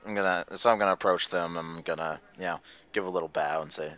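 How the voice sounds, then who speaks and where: A man's voice: low voice, steady tone, fast talker, a bit bright. A man playing a tabletop fantasy game, speaking politely and courtly in character. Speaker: player. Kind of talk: tabletop role-play. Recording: dull lo-fi mic.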